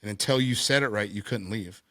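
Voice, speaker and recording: A man's voice: lowish voice, brisk, fairly bright tone, no room sound, clean studio sound. A young man hosting a podcast in casual chat, laid-back and saying dude and man a lot. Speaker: podcast host.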